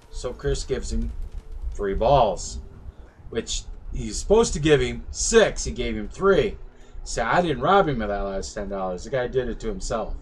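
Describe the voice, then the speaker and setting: On a game stream, a man with a slightly rough mid-range voice tells a long, animated story about working a carnival dart booth. He acts out the customers in raised voices.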